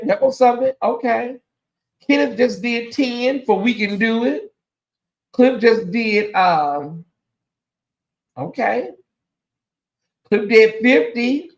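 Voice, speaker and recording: A man hosting a casual livestream, chatty and emotional, sounding sleepy as he thanks viewers by name. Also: extremely high pitch. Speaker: livestream host.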